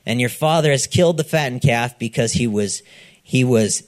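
Male pastor, mid-pitched, animated storyteller who acts out each character and checks in with the congregation. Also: moderate pace. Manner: checks in with the audience, "okay?". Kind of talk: sermon.

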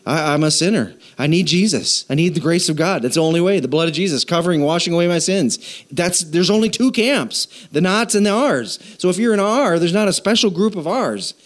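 A man preaching to his church congregation, joking with them and prompting them to call back, moving between quiet asides and loud emphatic lines. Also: high voice, lively intonation, brisk. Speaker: pastor. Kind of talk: sermon.

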